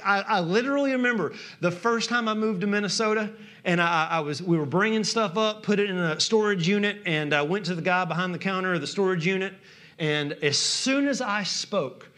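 A male pastor with a Southern accent preaching a sermon, swinging from hushed, drawn-out words to loud, impassioned emphasis. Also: sits high.

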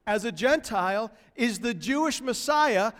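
A man preaching a sermon to a church congregation, expressive and building intensity as he acts out a pleading cry. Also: extremely high pitch, a little slow. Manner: expressive preaching, voices a pleading woman in rising tones. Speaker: pastor. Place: church hall. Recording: long hall reverb.

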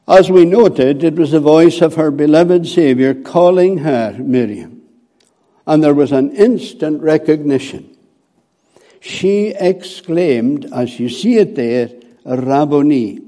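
Male preacher, unhurried sermon delivery, deep warm tone, hesitant fillers. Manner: slow and deliberate, with hesitant fillers.

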